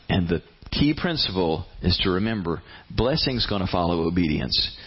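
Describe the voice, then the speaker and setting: A man preaching a sermon on giving, animated and punchy, with sudden loud rises in his voice. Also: mid-range voice, breathy edge, lo-fi sound. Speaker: pastor.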